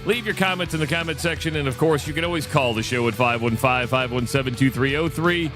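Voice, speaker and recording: A man's voice: medium pitch, fast talker, over music. A chatty man co-hosting a radio show who reads ads and talks casually with many restarts. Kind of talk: casual radio chat and ad read.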